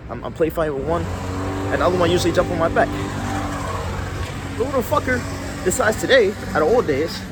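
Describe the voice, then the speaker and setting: Male vlogger, casual rambling storyteller, animated delivery, recorded outside with street noise. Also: high-pitched. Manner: rambling, restarts often, slangy.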